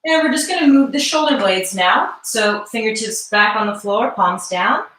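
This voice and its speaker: A woman leading a live mobility class, calmly guiding movements and breath cues. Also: medium pitch, normal speed. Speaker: mobility instructor. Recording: echoey room, mic far off.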